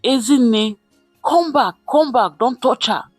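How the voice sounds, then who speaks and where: A man voicing a frightened young girl who cries out and pleads in a high, shrill voice. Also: slow pace, dry recording, soft background music, heavily acted. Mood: frantic. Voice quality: high and shrill when shouting. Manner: frantic, pleading.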